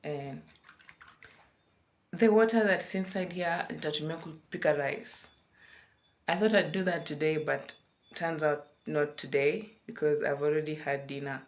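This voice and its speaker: A young woman chats casually in a vlog, switching between English and Swahili and turning bubbly and giggly when excited. Her voice is low, her pace measured, and she pauses often.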